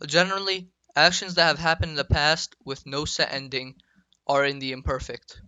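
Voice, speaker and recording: A man giving a school-style grammar lecture, spelling out verb endings slowly and telling viewers to write them down. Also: fairly high pitch, steady tone, pushed and bright, clean tone, dry recording, low-quality recording. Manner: slow, deliberate, spells out endings, asks viewers to take notes. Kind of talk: student-made lecture video.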